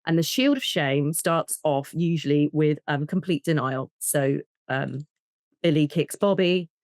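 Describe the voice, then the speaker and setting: A woman, a therapist, talking in an interview, explaining with lively examples and acting out short bits of dialogue. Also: low-pitched, unhurried, no room sound, studio quality. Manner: animated, acts out child and parent voices in examples. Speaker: attachment and trauma therapist, guest. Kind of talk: conversational interview.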